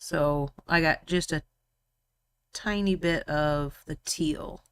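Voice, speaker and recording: A young woman hosts a live miniature-painting stream, chatty and teasing her co-host as she paints, laughing often. Her voice sits low and smooth, slow in pace, with no room sound.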